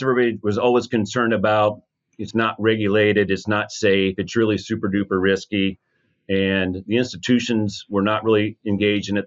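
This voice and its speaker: A man's voice: on the low side, lo-fi sound. A man as a guest advisor in a podcast interview, answering confidently and upbeat with many restarts.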